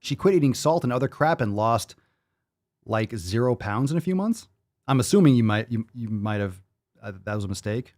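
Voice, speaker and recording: A man's voice: mid-range voice, lively intonation, moderate pace, darkish tone. Profane, hyped-up man host. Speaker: podcast host. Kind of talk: live-stream chat reading comments.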